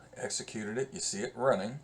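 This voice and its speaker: A man's voice: fairly low pitch, slight background noise. A male professor walking through code in a screen-recorded lesson, talking conversationally and thinking aloud as he works. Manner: slow, conversational, thinks aloud while working.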